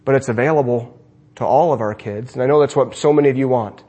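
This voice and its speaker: A man giving a sermon to his congregation in a church, preaching with animated swings between emphatic and hushed lines. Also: medium pitch, fast, slightly rough. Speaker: pastor. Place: church sanctuary.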